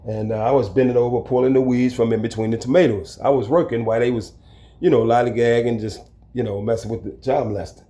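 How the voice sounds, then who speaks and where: A man telling a story from his own life in a casual, lively way, acting out the people in it. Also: mid-range voice, fast talker. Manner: animated, acts out the people in his story, chuckles. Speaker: storyteller recounting his prison time. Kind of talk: casual spoken storytelling to camera.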